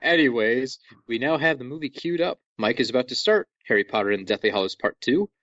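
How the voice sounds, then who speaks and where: A man hosting a podcast in a casual, jokey way, walking listeners through things with lively asides. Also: medium pitch, fast talker, no echo, muffled recording. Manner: jokey, animated, over-explaining. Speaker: podcast host.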